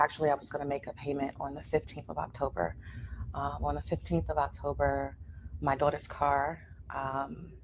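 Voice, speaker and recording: A woman's voice: low voice, a little hiss or hum. A woman in a played clip recounting her situation, hesitant and emotional, with many ums. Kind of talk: personal account.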